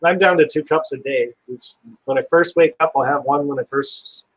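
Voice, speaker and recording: A man's voice: a little high, normal speed, a bit bright, slightly rough, poor audio. A man with a Canadian accent hosting a casual live stream chat, easygoing and jokey.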